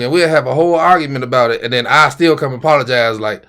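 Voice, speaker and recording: A man's voice: mid-range voice, expressive, quick pace, few pauses, sharp tone, clear, resonant tone. A man co-hosting a podcast in casual chat, teasing and joking. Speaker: podcast co-host.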